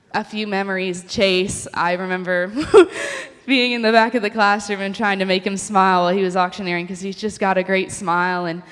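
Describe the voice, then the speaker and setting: Woman, graduation speech, heartfelt, pausing, somewhat low voice, long hall reverb. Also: a bit bright, smooth. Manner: heartfelt, pausing, laughing between thanks. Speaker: graduating student giving a speech.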